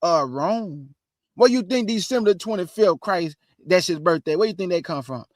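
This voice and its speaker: High-voiced preaching man, dry sound. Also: expressive, moderate pace, no room sound. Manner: preachy, calls audience family, answers imagined questions. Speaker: online preacher, show host. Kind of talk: street-style sermon on prophecy.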